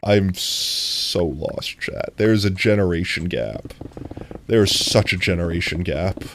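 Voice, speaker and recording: A man's voice: deep voice, lively intonation, slow pace, gravelly, a bit bright, a little hiss or hum. Playful laid-back male streamer. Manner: playful, giggly, talks to chat. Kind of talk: casual game-stream chat.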